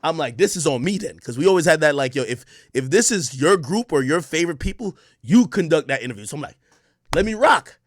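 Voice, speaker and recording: A man streaming, telling a story in an excitable, profane way, shouting as he reenacts moments. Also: a little high, brisk, no room sound, clean studio sound.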